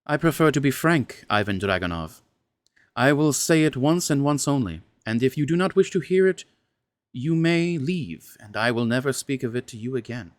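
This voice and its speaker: Husky seductive lady aristocrat, as a guy reading a story puts her on, formal and slow, dry close sound. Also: medium pitch, animated, dry recording, voice pushed up, close to an everyday voice. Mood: intimate, pleading. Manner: formal, measured speech. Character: seductive aristocratic woman, frank and intimate.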